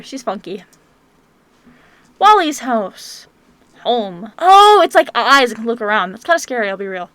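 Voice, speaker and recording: Young female gaming host, high voice, bubbly casual reaction commentary, dry close sound. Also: a bit bright, no echo. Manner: gushing, exclaims "cute" over and over, reads text aloud. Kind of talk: casual reaction commentary while browsing a website.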